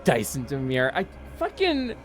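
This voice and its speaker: Woman streamer, casual gaming chat, very lively voice, faint music underneath. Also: very deep voice, unhurried. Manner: animated, swings into loud mock outrage and laughter.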